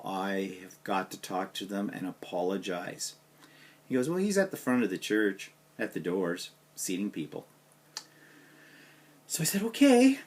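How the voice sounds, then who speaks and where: A man vlogging to camera, telling a personal story in a casual, animated way and acting out the dialogue. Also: lowish voice. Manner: animated anecdote with quoted dialogue.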